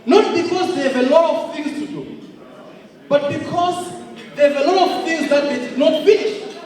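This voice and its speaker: High-voiced man preaching in a hall. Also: normal speed. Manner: emphatic preaching delivery, often shouting. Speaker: motivational speaker at an awards event. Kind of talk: motivational speech. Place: large indoor hall. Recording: echoey hall from far off.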